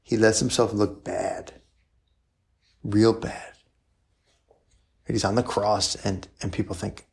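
Male priest, low voice, conversational sermon, rhetorical questions, frequent "right?". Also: little pitch movement, slow, vocal fry, long pauses.

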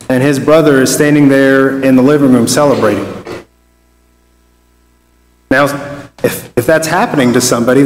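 A man giving a Bible study sermon in a relaxed, conversational way, often restarting his phrases. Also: a little high, slight background noise. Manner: conversational, restarts phrases, reads scripture aloud. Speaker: preacher. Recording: roomy with long reverb.

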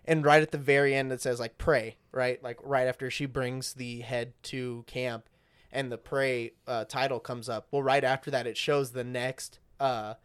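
Smooth, dry-voiced young man chatting casually. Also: mid-range voice, little pitch movement, moderate pace, no room sound. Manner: swears a lot, says "like" and "dude" often. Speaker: podcast co-host. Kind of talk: casual chat.

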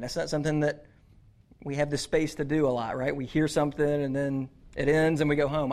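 A man giving a youth sermon, casual and conversational, with frequent restarts and slang. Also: on the high side. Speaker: youth pastor.

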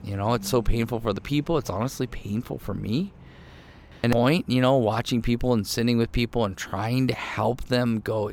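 A man's voice: medium pitch, normal speed, a little mellow. A male pastor giving a casual, conversational sermon, self-deprecating and full of fillers and restarts.

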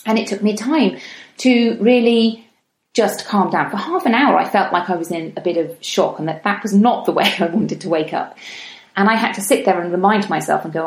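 A woman in her thirties talks through her thoughts as a podcast host, her voice gentle and conversational and sitting at a middling pitch. She slows right down on the words she wants to land. The sound carries a clear echo from the room. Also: expressive. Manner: gentle, chatty, slows down for emphasis. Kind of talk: reflective solo talk. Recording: echoey room.

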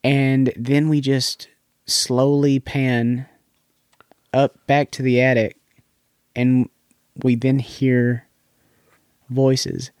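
A man's voice: medium pitch, darkish tone, no echo, clean studio sound. A man co-hosting a podcast, recapping a film in casual chat, repeating words as he goes. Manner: rambling, repeats words, recaps plot scenes. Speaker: podcast co-host.

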